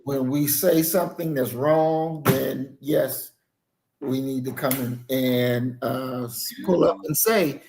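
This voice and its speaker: A man hosting a podcast who speaks in a measured, affirming way with hesitant fillers. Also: medium pitch, creaky, a little mellow, a little hiss or hum. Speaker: podcast host. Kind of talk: podcast conversation. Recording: echoey room.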